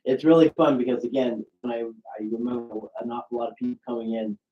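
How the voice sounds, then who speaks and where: A man with a Boston accent co-hosts in casual chat, halting and telling anecdotes. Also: medium pitch, muffled recording. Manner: halting, tells anecdotes with quoted voices. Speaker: show co-host.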